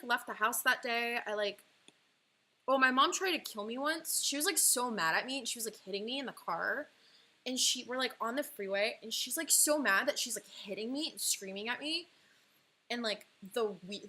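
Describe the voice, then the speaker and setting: Bright-voiced young woman telling a personal story. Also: a little high. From California. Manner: chatty, heavy use of "like", emotional, breaks into laughs. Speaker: livestream artist and host.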